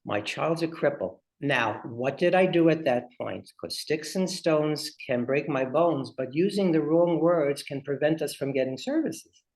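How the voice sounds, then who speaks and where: Man telling lively stories to an online audience. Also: fairly high pitch, a little slow. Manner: lively storyteller who speaks straight to the audience. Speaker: family advocate and webinar presenter. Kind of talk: webinar presentation.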